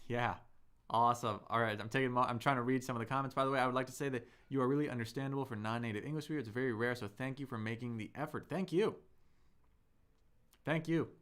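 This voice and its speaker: A man's voice: mid-range voice, fairly bright tone. Upbeat male Chinese tutor on a livestream. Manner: upbeat, chatty, slows down to model tones; reads viewer comments aloud and answers them. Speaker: Chinese teacher and livestream host. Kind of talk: live-streamed language lesson reading chat.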